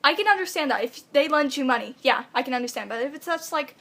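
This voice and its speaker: A woman's voice: high voice, expressive, fast talker, sharp tone. A woman reading fan fiction aloud at home, breaking off into sarcastic, swearing asides with lots of laughter. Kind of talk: casual reading with jokey commentary.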